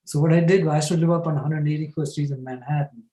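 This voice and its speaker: An older man spins a relaxed personal story, chuckling as he goes. His voice sits a little high and sounds mellow rather than bright. The recording has a roomy echo. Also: fast. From from New Jersey. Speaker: panelist. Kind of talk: storytelling in a panel talk.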